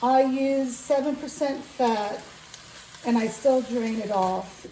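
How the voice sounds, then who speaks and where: Woman with a New York accent, cooking-channel host, easygoing and reassuring, unhurried delivery, mellow tone. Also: fairly high pitch, echoey room, recorded from a distance, a little hiss or hum, rough recording. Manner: chatty, reassuring, with fillers. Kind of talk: casual cooking demonstration.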